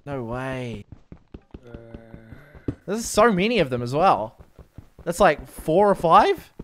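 A young man playing a video game for the first time, commenting excitedly and panicking, shrieking and repeating himself when scared. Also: high-pitched, unhurried, a little hiss or hum. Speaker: gaming YouTuber. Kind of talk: casual gameplay commentary.

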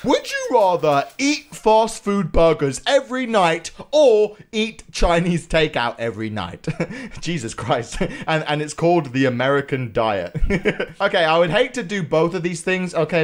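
Excitable British lad with a lively, bouncing voice. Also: male voice, a little high, unhurried. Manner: chatty, keeps tagging "okay?", bursts into squealing outrage. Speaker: YouTuber reacting to a quiz. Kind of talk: casual reaction commentary.

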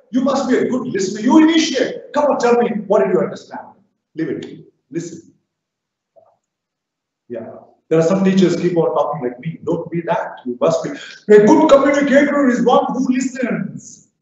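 Man, high lively lecturer voice, far from mic in big echoey hall, dull sound. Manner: lively, exhorting, acts out quick asides. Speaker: professor giving a talk to teachers. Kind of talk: animated lecture.

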